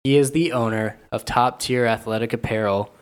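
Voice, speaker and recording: A man's voice: mid-range voice, steady tone, moderate pace, noisy background. A man hosting a casual podcast, joking around, swearing and hyping up his guest. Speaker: podcast host.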